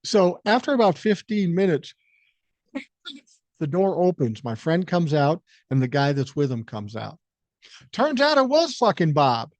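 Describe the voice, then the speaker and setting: A man's voice: on the high side, measured pace, no room sound. Profane older man telling stories. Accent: Minnesotan. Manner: profane, animated storytelling with acted-out quotes. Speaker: podcast host. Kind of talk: solo storytelling podcast. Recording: dry, slightly dull podcast mic.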